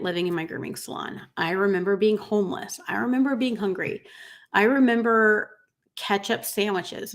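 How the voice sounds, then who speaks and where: Her voice is fairly low-pitched yet a bit bright. A middle-aged business coach for pet groomers, she addresses her live viewers in a rambling, filler-laden way, visibly emotional and on the verge of tears.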